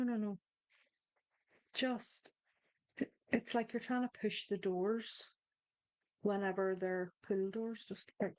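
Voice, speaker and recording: A woman's voice: medium pitch, dry recording. A woman hosting a live online coaching circle, talking conversationally, restarting her sentences and addressing viewers in the chat. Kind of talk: live-stream group coaching talk.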